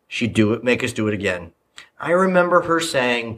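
A man's voice: mid-range voice, expressive, moderate pace, fairly bright tone. A man hosting a parenting podcast, telling childhood stories in a loose, chatty way with fillers and repeated phrases. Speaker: podcast host, leadership coach. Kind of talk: casual solo podcast talk.

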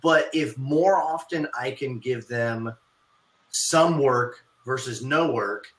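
A man's voice: medium pitch, slow. A man who runs martial arts schools, hosting a casual podcast chat and thinking aloud with many restarts. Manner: thoughtful, rambling, with many restarts. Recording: roomy echo.

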